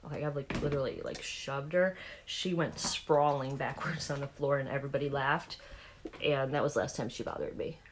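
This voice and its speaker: A woman's voice: a bass voice, normal speed, slight background noise. A woman in her forties with a Southern accent, talking candidly and rambling through fillers while doing her makeup. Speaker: beauty vlogger.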